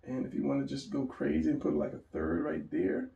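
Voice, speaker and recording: A man's voice: medium pitch, big pitch swings, a little fast, gravelly, warm tone, dull audio. A man giving a casual drawing lesson, rambling and talking to himself as he sketches. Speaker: drawing instructor. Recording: echoey room, voice from a distance.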